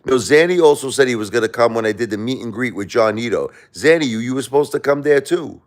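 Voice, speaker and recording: A man's voice: mid-range voice, lively intonation, quick pace. A middle-aged man hosting a livestream, rambling casually and profanely while joking with his chat. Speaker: livestream host.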